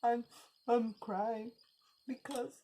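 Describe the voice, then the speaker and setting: A woman voicing a sad, sulky wolf in a storybook, slow and plaintive, speaking English as a Portuguese native. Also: fairly high pitch, steady tone, dark tone.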